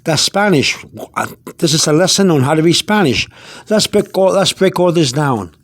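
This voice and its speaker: A man's voice: fairly high pitch, animated, moderate pace, fairly bright tone, no room sound, studio quality. A man giving a casual spoken language lesson, repeating himself with many fillers and restarts. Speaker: language teacher.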